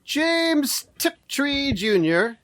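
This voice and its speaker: A man co-hosting a podcast, with a notably high-pitched voice. He talks casually and drops wry jokes into his research notes. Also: big pitch swings, extremely slow, fairly bright tone. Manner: wry, joking delivery while reading out research. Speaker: co-host presenting the history segment.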